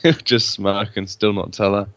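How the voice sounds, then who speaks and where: A man's voice: lowish voice, steady tone, moderate pace, fairly bright tone, no echo. A man playing a tabletop game, chatting and joking casually with the group. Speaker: player. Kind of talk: casual chat.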